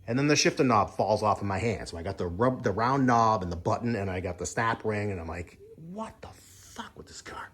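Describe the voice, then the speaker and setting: A man's voice: lowish voice, a little fast, few pauses, a bit bright, husky. A man casually recounting a frustrating car-buying visit, acting out both sides of the dialogue with exasperation. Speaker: vlogger. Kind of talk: casual storytelling.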